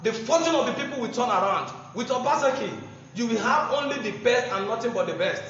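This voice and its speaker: High-voiced Nigerian man in an echoey hall. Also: animated, fairly quick, fairly bright tone. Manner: combative, mocking and preachy, repeats phrases for emphasis. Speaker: political speaker. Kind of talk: impassioned political address. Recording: echoey room, dull lo-fi sound, faint noise.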